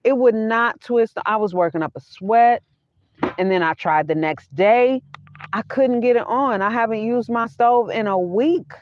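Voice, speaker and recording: In an unhurried, higher-pitched voice, a woman hosts a relaxed vanlife livestream from inside her van. She addresses viewers directly, often repeating herself and laughing, captured with dull lo-fi audio.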